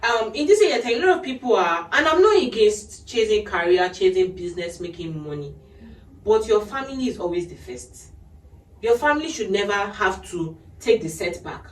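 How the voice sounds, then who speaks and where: A woman's voice: mid-range voice, expressive, normal speed, slight background noise. A woman hosting a podcast, giving earnest advice to parents in a casual chat and laughing often. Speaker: podcast host. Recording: echoey room, mic at a distance.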